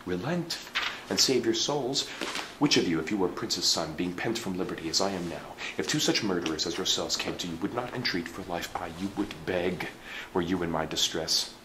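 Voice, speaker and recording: A man's voice: a little fast, background noise, natural voice. A man voicing a desperate imprisoned royal duke who pleads for his life, reading Shakespeare aloud in a church. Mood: pleading. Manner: impassioned, pleading, rising in pitch. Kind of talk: solo public Shakespeare reading. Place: large echoing stone church. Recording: roomy church echo, faint ambience.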